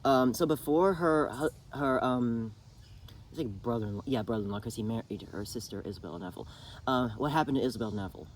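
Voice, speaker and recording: Slight background noise sits under this mid-range voice, which moves a little fast. The channel host chats through a TV drama's plot to a friend, wandering, filling pauses, restarting often, and laughing in bursts.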